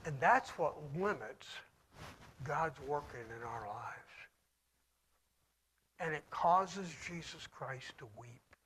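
A man preaching a sermon, reading scripture slowly and solemnly and swinging between loud declaiming and hushed near-whispers. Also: a little high, lively intonation, slightly rough.

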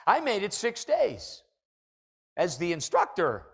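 A middle-aged man preaching a sermon from the pulpit of a church, animated and building to loud, emphatic peaks. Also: high voice, slow pace, gravelly, slightly rough. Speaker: pastor. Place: church sanctuary.

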